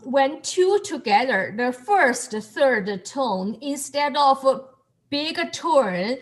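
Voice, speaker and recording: A woman with as her teaches tones over a video call. She speaks slowly and a little high, stopping and repeating words as she goes. She laughs often between explanations. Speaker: Mandarin tone teacher. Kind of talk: online class instruction.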